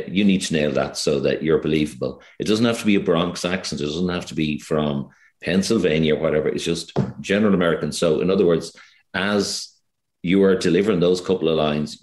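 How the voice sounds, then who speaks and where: An Irish man with an extremely deep voice chats in an interview. He hedges and restarts often. The room around him rings with echo. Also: brisk, a little mellow. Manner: hesitant, many fillers and restarts. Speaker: guest actor. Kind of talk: casual interview chat.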